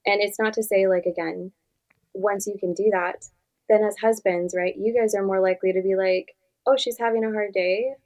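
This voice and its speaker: A woman's voice: medium pitch, steady tone, moderate pace, darkish tone, rough recording. A woman therapist talking as a podcast guest, giving direct, earnest advice and often saying "like". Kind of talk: podcast interview conversation.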